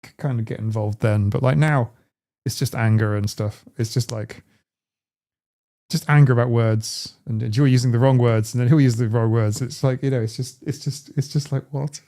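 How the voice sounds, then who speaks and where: A man's voice: medium pitch, steady tone, normal speed, mellow. A man hosting a live stream, chatting casually in a rambling, digressive way. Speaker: streamer host.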